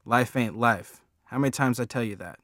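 A man's voice: medium pitch, normal speed, bright, forceful tone, no room sound, studio quality. A man voicing a menacing, curt middle-aged thug who speaks with scorn.

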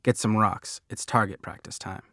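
A man voicing a cruel, swaggering teenage gang bully who drawls slow, menacing taunts in an audiobook. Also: on the low side, fairly even intonation, a bit bright, dry recording, clean studio sound. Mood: vicious. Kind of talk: audiobook character voice.

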